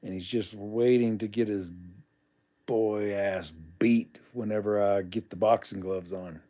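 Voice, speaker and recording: With a fairly low, dark voice that is steady and a little slow, a middle-aged livestream host reads out viewer comments, replies bluntly, and mutters asides under his breath.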